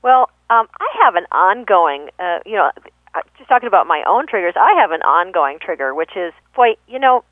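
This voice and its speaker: A woman guest explaining communication in a thoughtful, conversational way, pausing often with fillers and self-corrections. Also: fairly low pitch, very animated, dry recording. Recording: tinny phone-line radio audio.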